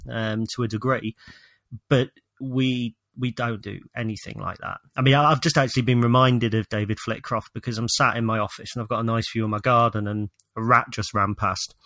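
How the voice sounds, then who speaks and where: Male co-host, mid pitch, dry home-office sound, opinionated, halting delivery. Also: fairly even intonation, a bit bright, no echo. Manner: opinionated, hesitant with restarts. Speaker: podcast co-host. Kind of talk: casual football chat.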